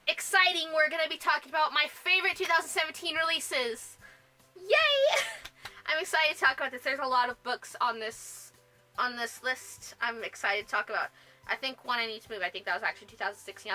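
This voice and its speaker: A woman with a high, very bright voice chats about her favorite books in a casual vlog. She gushes with bubbly enthusiasm and laughs often between thoughts. Faint music plays behind her. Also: low-quality recording. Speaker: book vlogger. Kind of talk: casual book review vlog.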